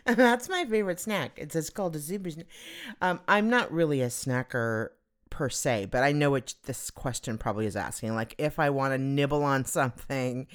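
This podcast host has a very deep voice and a moderate pace. On her own, she chats casually, wandering from point to point, giggling and putting herself down.

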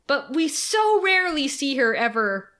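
A young woman hosting a podcast, recapping an episode in casual, animated chat with laughter and swearing. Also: high-pitched, a little slow. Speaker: podcast host.

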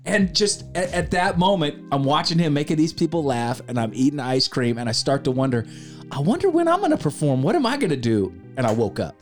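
A man's voice: mid-range voice, big pitch swings, a little fast, hardly any pauses. A man spinning a story in loose podcast banter. His voice rises and falls a lot as he acts out quotes with casual swearing. Faint music plays under him.

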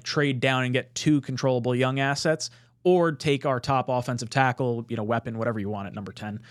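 A man hosting a casual sports podcast, talking steadily and reading out the live chat. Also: mid-range voice. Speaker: podcast host.

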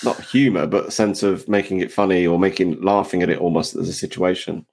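A man interviewing a guest, asking gentle probing questions. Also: sits low, fairly even intonation, a little fast, creaky. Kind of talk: conversational interview.

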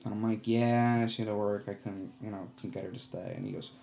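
A man's voice: fairly low pitch, level tone, fast talker, few pauses, warm tone, a little hiss or hum. A man co-hosting a podcast, telling a story in a wry, self-deprecating way and acting out his own quoted lines. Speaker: podcast co-host. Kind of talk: casual storytelling chat.

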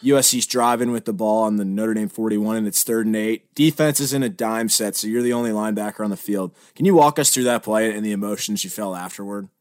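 A man with a fairly low voice asks a prepared interview question in a measured way. He lays out the scene in detail, and his voice sounds dry and close with no room around it. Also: darkish tone, no room sound.

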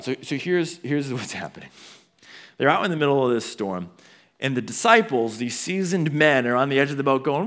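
A pastor preaching a sermon, telling the story animatedly and talking casually to the congregation. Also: male voice, moderate pace. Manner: animated storytelling, acting out quotes with big swings in pitch and volume; conversational asides to the congregation.

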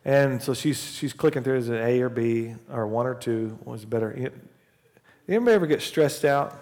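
A man's voice: medium pitch, normal speed, darkish tone, long reverb tail. A man in his forties preaching a sermon in church as the pastor, telling a casual personal story before building to fervent preaching. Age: 40s. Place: church sanctuary.

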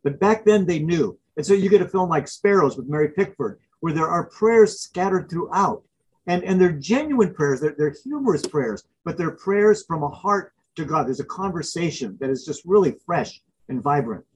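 A man who is an author and professor, answering interview questions as an animated storyteller who acts out film scenes. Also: fairly high pitch, normal speed, husky, rough recording. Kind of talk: interview guest.

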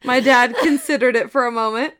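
A woman co-hosts a casual podcast, reading a listener story and bantering. Her voice sits a little high, and she jokes with easy laughter and swearing. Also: fairly even intonation, a little fast, a bit bright. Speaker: podcast co-host.

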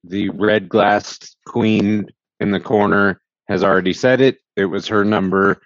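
A man co-hosting a casual chat, speaking slowly and haltingly. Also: lowish voice, steady tone, dry recording. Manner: slow, halting. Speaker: podcast co-host. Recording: muffled, dull sound.

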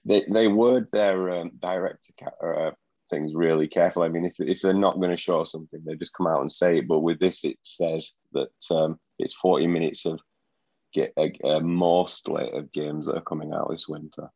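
A man's voice: deep voice, fairly even intonation, normal speed, gravelly, a little mellow, no room sound. A man co-hosting a gaming podcast from home, rambling with plenty of fillers and restarts. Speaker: podcast co-host. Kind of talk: casual gaming podcast chat. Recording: dull, slightly lo-fi sound.

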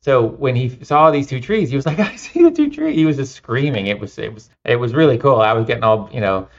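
A man telling lively anecdotes in an interview, with many fillers and restarts. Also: medium pitch, brisk, muffled recording. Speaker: nonprofit founder and guest. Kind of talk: casual interview storytelling.

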